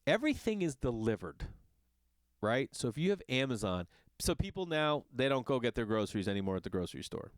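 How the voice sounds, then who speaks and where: A man's voice: mid-range voice, quick pace, smooth, no room sound. Middle-aged guy ranting on a podcast, swears a lot, dry close mic. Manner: ranting, profane, animated. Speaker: podcast host. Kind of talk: casual monologue. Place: Los Angeles.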